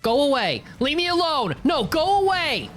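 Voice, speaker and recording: Woman streamer yelling at monsters. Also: high voice, normal speed, faint music behind. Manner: swears a lot, yells at monsters; animated, swings from mutters to shrieks. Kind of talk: live gameplay commentary.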